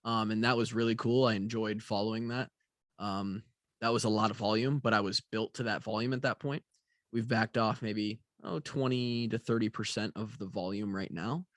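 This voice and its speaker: A man's voice: lowish voice, steady tone, moderate pace, a bit bright, no echo. A tired young man rambling casually in a vlog, with lots of fillers and casual swearing. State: tired, yawning. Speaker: vlogger. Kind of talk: casual talking-head vlog.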